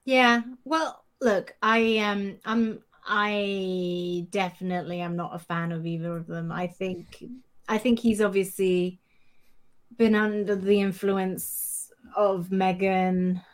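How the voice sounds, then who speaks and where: A woman co-hosts a casual podcast at a mid-range pitch. She is wry and questioning, pushing back on her partner's points. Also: fairly even intonation, slow. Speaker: podcast co-host. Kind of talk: casual chat.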